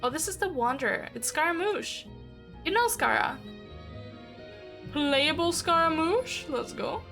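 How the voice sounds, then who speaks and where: A woman chatting on a gaming livestream, excitable and casual, swearing freely and laughing often. Her voice sits high, with faint music running underneath. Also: unhurried, vocal fry. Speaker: streamer.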